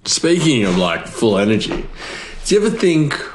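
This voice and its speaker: A man's voice: medium pitch, big pitch swings, moderate pace, slight background noise. Brief: casual rambling podcast host, male, echoey room. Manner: rambling, chatty, upbeat. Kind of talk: casual chat.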